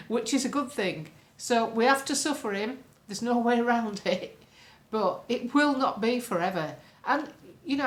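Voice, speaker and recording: An older woman from the UK giving a casual, rambling political monologue to her followers, laughing often between points. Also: mid-range voice. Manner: chatty, laughing, rambling asides. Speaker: political commentator. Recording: echoey room.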